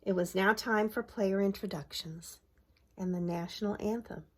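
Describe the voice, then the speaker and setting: A woman's voice: mid-range voice, normal speed. A middle-aged woman who runs a preschool, reading a picture book aloud to young children and asking them questions as she shows the pages. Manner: asks young listeners questions and points at pictures; bright exaggerated voice for cheering lines. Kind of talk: children's story time read-aloud.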